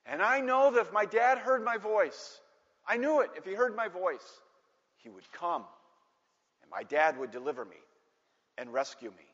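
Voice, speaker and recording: A man preaching a sermon through a personal story, animated and acting out the voices of the people in it, in a large church hall. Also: high voice. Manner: animated, acts out voices in stories. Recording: dull echoey hall recording.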